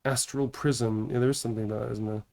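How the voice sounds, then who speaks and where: In a gravelly, darkish voice of medium pitch, quick and fairly even, a tired man hosts a casual livestream. He laughs often, teases his co-host playfully and thanks those watching.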